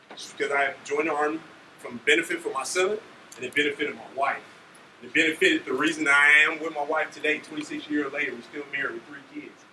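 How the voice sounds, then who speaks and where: An animated army leader from Ohio gives a motivational storytelling speech to students in a school auditorium, acting out scenes and repeatedly asking "right?" His voice is fairly high-pitched. He's recorded from far off in an echoey hall with faint noise.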